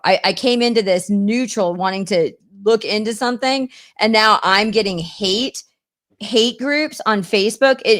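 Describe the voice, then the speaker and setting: An upset woman hosting a live show, ranting with passionate indignation and repeating herself. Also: medium pitch. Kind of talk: live-stream rant.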